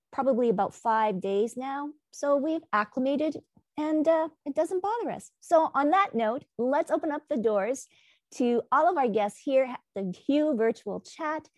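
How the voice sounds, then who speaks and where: A woman's voice: high-pitched, a little mellow, dry recording, studio quality. A woman hosting a casual video call chat, chatty and upbeat, laughing easily as she greets her guests. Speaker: host.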